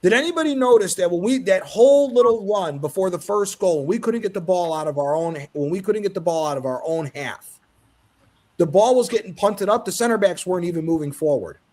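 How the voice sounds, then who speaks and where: Animated, high-voiced football show host. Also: male voice. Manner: animated, swearing, quotes others in acted voices. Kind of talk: casual football chat.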